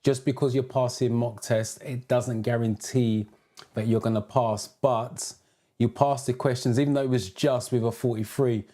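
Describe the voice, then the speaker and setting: This is a British man running a live driving theory Q&A. His voice sits at a middling pitch with a dark, mellow tone. He welcomes viewers one by one and answers their questions as he reads their messages out. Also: steady tone, moderate pace. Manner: reads out viewer comments and greets them by name. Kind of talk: live-stream Q&A.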